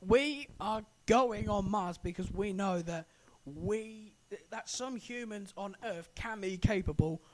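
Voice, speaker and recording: A man's voice: high voice, unhurried, slight background noise. A man co-hosting a casual podcast, explaining things emphatically in a lecturing way. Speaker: podcast co-host. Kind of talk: casual chat.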